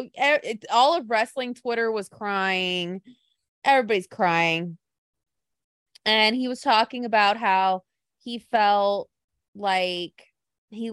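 A woman co-hosting a casual podcast chat, telling stories in an animated, gushing way. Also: medium pitch, clear, resonant tone, no room sound, clean studio sound.

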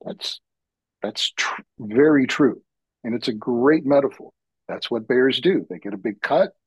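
Husky-voiced man, earnest and reflective. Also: mid-range voice, no echo, rough recording. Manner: reflective, heartfelt, slow-building. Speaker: podcast guest, men's retreat facilitator. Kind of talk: earnest personal storytelling.

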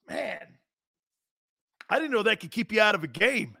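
A man's voice: high-pitched, moderate pace, vocal fry, long pauses, husky, dry recording, clean studio sound. A man hosting a sports talk show, ranting casually and brashly to his viewers. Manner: brash, animated, talks straight to viewers.

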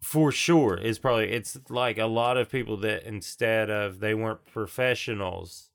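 Gravelly, low-voiced man from Tennessee. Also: normal speed, no room sound. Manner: laid-back storytelling, jokes with big voiced bits. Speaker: podcast guest, comedian. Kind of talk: casual chat.

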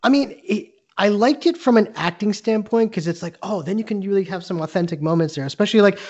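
A man's voice: high voice, quick pace, darkish tone, highs cut off. A man co-hosting a casual movie podcast, talking eagerly in a rambling way with lots of restarts. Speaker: podcast co-host.

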